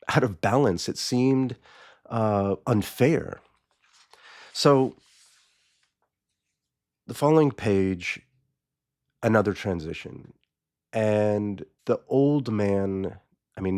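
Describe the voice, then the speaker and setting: A man's voice: lowish voice, a little mellow. A man hosting a podcast, casually retelling a children's book and musing as he goes, often restarting and repeating words. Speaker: podcast host.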